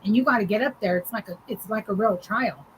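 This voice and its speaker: A woman's voice: medium pitch, fast, a little hiss or hum, poor audio. A woman co-hosting a podcast, telling a story in casual chat, full of "like" and "dude" and laughing as she goes. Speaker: podcast co-host.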